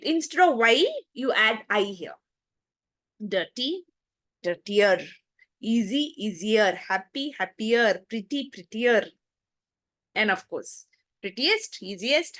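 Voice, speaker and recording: A woman teaching a children's class online, her fairly high voice walking through rules step by step and checking in with the pupils. She is recorded close to the mic, with a dry sound and no room around her. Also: a bit bright, no room sound. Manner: explains step by step, repeats word forms aloud, checks in with the class. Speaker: English teacher.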